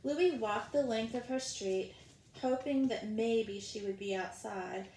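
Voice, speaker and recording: A woman narrating a children's novel in a deliberate, expressive way. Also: on the high side, echoey room, a little hiss or hum, poor audio.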